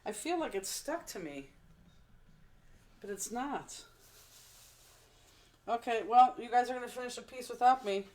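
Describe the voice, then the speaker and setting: A woman with a somewhat high, darkish voice runs a live online crafting class, speaking at a measured pace with lively intonation and long pauses. Her talk is casual and chatty, full of exclamations, and she frets while hunting for things, sometimes drifting away from the mic.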